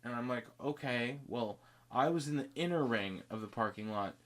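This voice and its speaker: In a casual podcast chat, a man with a mid-range, slightly bright voice and lively intonation tells a long, rambling story at a moderate pace. He keeps interrupting and restarting himself, acting out both sides of the conversation.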